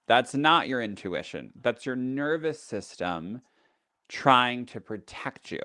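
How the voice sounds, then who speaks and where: A man's voice: mid-range voice, expressive, slow pace, sharp tone, no echo, clean studio sound. A man who teaches as a psychic medium, talking casually on a podcast in a chatty teaching tone full of fillers.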